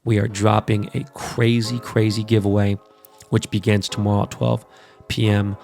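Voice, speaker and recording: Hosting his podcast, a man with a lowish, gravelly voice rants profanely and with energy about basketball while plugging events. He speaks at a moderate pace, and faint music plays behind him.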